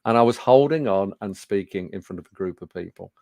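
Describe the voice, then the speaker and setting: Speaking low and animated, a little fast, this man in his sixties sounds creaky and somewhat mellow on a dry recording. He's a speaking coach from Birmingham, England, sharing anecdotes with a studio audience, peppered with fillers and self-deprecating jokes.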